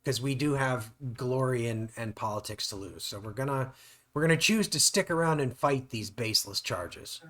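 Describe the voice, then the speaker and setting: Brief: tabletop co-op player talking through rules, animated pitch, chatty, quick to laugh. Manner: explains rules step by step, laughs often. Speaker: board game player. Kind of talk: casual tabletop game playthrough.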